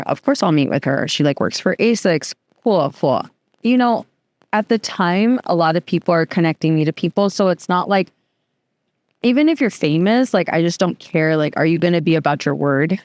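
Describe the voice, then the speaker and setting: A woman's voice: lowish voice, dry recording. Woman rambling through a story on a podcast, super chatty, says like a lot, dead dry sound. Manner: chatty, animated, fills speech with "like". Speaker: podcast guest, youth program co-founder. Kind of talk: casual interview storytelling.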